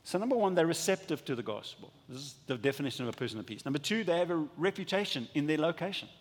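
A man preaching a sermon as pastor, animated and acting out little dialogues, often stumbling and restarting his words. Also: on the high side, fast talker. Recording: long hall reverb.

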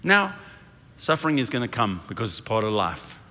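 A man preaching a sermon in a relaxed, conversational way, telling stories and acting out the voices of the people he quotes. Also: mid-range voice, moderate pace. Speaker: pastor. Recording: long reverb of a large hall.

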